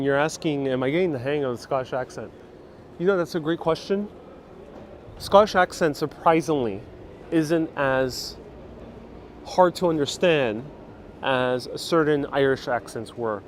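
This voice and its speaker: A man hosting a live walking tour, talking into a phone as he strolls a busy street. He reads viewer comments aloud and answers them in a relaxed, chatty way, with faint traffic and city noise behind him. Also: mid-range voice, unhurried. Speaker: travel vlogger. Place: outdoors on a busy old-town street. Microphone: phone held while walking.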